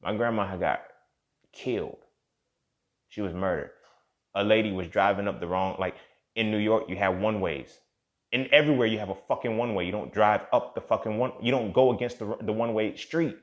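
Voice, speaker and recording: Hosting a show, a man relates a personal story in a loose, foul-mouthed way, frequently talking straight to the listener. His voice is lowish and moderately paced, with a lo-fi sound.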